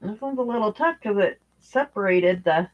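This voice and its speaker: Speaking at normal speed in a mid-range voice with lively intonation, an older crochet vlogger talks casually about her project as she crochets. She rambles and thinks out loud, using fillers, captured in a dull lo-fi home recording.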